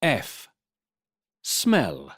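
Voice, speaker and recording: Very slow, husky announcer man. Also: lowish voice, wildly swooping pitch, fairly bright tone. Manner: drawn-out, emphatic announcing of headings. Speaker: section announcer. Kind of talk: scripted heading announcements.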